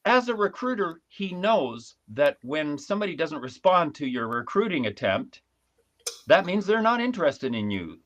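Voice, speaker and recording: A man telling a long story in a casual live video chat from his small dark home studio, with frequent restarts. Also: fairly high pitch, big pitch swings, normal speed, lo-fi sound. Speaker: guest commentator. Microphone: video call.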